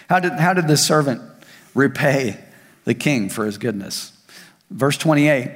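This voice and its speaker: A man preaches from the pulpit of a large church. His voice sits at an ordinary middle pitch, rising for emphasis and dropping to soft, hushed asides. The sound carries a long, ringing hall reverb. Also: animated, a little slow, long pauses. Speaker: pastor. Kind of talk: sermon.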